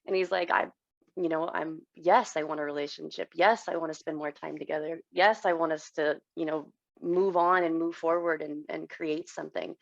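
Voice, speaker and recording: A woman in her thirties with a lowish, gravelly voice tells a personal story on a podcast. She speaks candidly and with feeling. The recording is dry and dull, with little room sound. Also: fairly even intonation, moderate pace, no echo. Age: 30s. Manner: candid, emotional, acts out quoted dialogue. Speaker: podcast guest, coach.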